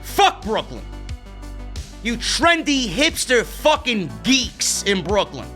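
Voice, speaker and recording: A man's voice: very high voice, big pitch swings, slow pace, pushed and bright. Brash, profane New man ranting. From New York. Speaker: wrestling show reviewer, podcast host. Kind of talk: livestream rant, casual chat. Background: faint music.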